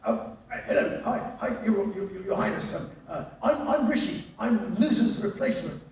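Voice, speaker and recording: A man's voice: high voice, animated, a little mellow, a little hiss or hum. A man playing a nervous man who stammers and halts over his words. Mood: flustered. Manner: stammering, halting. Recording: roomy live hall, distant and dull.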